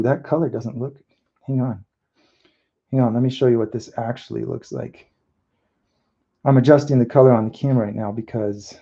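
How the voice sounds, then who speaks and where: Mellow man thinking aloud while painting. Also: medium pitch, highs cut off. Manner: relaxed, thinking aloud, self-correcting. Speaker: mural painter. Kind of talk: casual live painting commentary.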